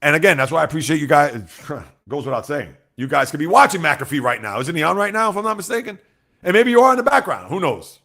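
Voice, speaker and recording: Male sports livestream host, slightly high and gravelly, animated, chats with viewers and jumps from loud bursts to low asides. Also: quick pace. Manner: animated, swings from loud outbursts to quiet asides; talks straight to chat, reads out viewer comments. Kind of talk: casual livestream chat with viewers.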